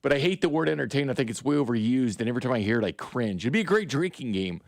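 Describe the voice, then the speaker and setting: A man's voice: medium pitch, expressive, racing, vocal fry, dry recording. A man co-hosting a sports radio show, bantering casually with blunt, ranting complaints into a studio microphone.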